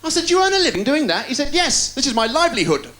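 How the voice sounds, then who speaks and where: A man doing stand-up, firing off deadpan one-liners and puns. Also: extremely high pitch. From England. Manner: rapid-fire deadpan puns with quick delivery. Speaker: stand-up comedian. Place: live TV studio with a laughing audience. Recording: loud crowd laughter, noisy 1990s TV broadcast.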